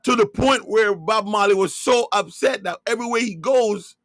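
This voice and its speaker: A man's voice: high-pitched, moderate pace, fairly bright tone, no echo, clean studio sound. A man from Jamaica with a Jamaican accent, preaching emphatically in a livestreamed religious talk and asking rhetorical questions.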